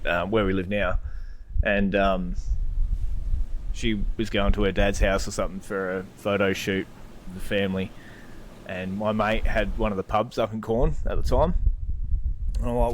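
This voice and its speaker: A man with an Australian accent, co-hosting a podcast, tells drinking stories in a casual chat, swearing often and laughing his way through them. His voice is fairly low and level, at a moderate pace with long pauses, and there's a little hiss or hum on the recording.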